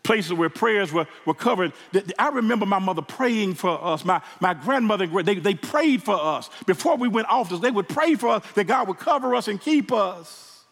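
A man's voice: high-pitched, expressive, normal speed, few pauses, a bit bright, soft background music. A man preaching a sermon in a church, emotional and repeating words as he builds. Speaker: pastor. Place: church sanctuary. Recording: reverberant church hall.

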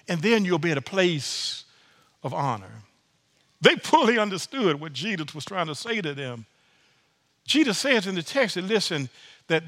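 A man preaching with a high, bright voice that swings up and down, folksy and animated, doubling back on his words as he goes. His sermon rings out with a long reverb, as in a large hall. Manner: lively, folksy preaching with many repeated words.

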